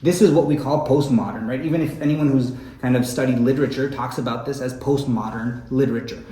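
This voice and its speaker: A man's voice: mid-range voice, steady tone, fairly quick, warm tone, reverberant, poor audio. A man giving an impassioned lecture on poetry and faith, often asking his listeners "right?", and growing emotional. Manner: impassioned, tag questions "right?". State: emotional, clearing throat. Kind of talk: religious study lecture.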